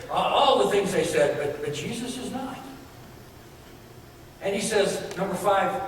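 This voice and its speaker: In a church sanctuary, a high-voiced man preaches an earnest sermon at a measured pace, expressive as he builds emphasis through repeated phrases. Heard from far off in an echoey hall, the recording carries slight background noise.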